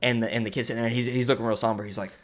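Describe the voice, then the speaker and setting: A man's voice: mid-range voice, steady tone, very fast. A young man co-hosting a podcast who retells stories casually, laughing often and restarting his sentences. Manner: storytelling, laughing, many restarts. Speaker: podcast co-host. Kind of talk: casual chat.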